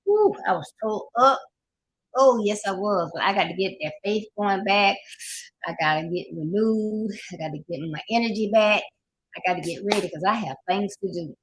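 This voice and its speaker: A woman's voice: mid-range voice, moderate pace, husky, rough recording. An older woman with a Southern US accent, hosting a casual motivational talk, folksy and preachy, sometimes laughing as she talks. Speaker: life coach host.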